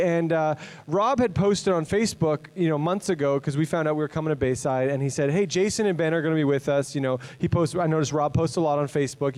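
A man's voice: on the high side, a little mellow. A man from Canada, a guest preacher in his thirties, opening his sermon in a chatty, rambling, self-deprecating way with many fillers. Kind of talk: casual sermon introduction.

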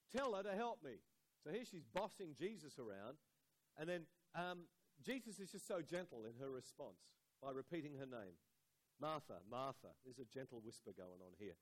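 A man preaching a sermon, dropping to a soft hush on key words and lifting his voice and slowing for emphasis. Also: a little high, rough recording. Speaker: pastor.

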